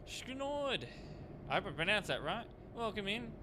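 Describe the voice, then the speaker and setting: A man's voice: high-pitched, expressive, fast, background noise. A man live-streaming a driving game, chatting casually with viewers and reading their messages aloud between frequent fillers.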